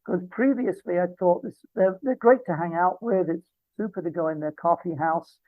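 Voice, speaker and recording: A man's voice: high voice, normal speed, no room sound. A man in his seventies with an English accent, reminiscing at length in an interview and wandering into reflective asides. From England. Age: 70s. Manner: discursive and reflective, with frequent asides. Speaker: interview guest. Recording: dry, phone-like line.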